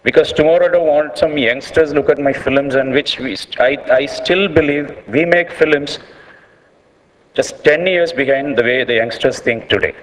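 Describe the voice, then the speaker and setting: A man's voice: on the high side, moderate pace, a little hiss or hum. A man with an Indian English accent speaking earnestly at a panel session, repeating words, restarting sentences and leaning on "like". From South India. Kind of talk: unscripted public speech. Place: conference hall. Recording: long reverb of a large hall.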